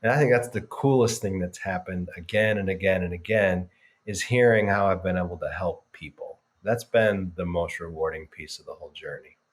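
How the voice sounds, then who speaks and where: A man's voice: deep voice, moderate pace. A man guest on a podcast, earnestly reflecting on his work as a business coach, stressing key words and chuckling now and then. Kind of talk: casual podcast interview.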